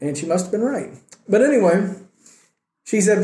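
A man's voice: high-pitched, big pitch swings, moderate pace, pauses often, warm tone, echoey room. A man giving a casual Bible teaching, telling the story with wry jokes and quoted voices.

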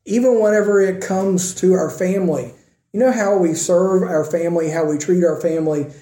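In a church room's echo, a man preaches to his congregation at a moderate pace, earnest and conversational, his emphasis climbing as he makes his case. His voice runs a little high but sounds very dark and mellow.

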